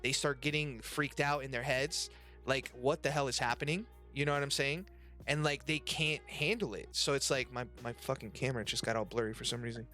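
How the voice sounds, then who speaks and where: A man's voice: medium pitch, steady tone, fairly quick, sharp tone, faint music behind. A man hosting a casual podcast, loose and profane, reading chat messages aloud. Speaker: podcast host and restaurant server.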